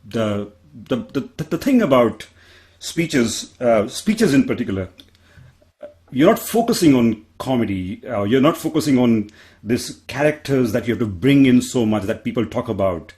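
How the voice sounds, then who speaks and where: Man, Indian accent, panel discussion, mid pitch, earnest, self-deprecating, restarts sentences. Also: sing-song, moderate pace, a little mellow. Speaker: panelist, public speaker.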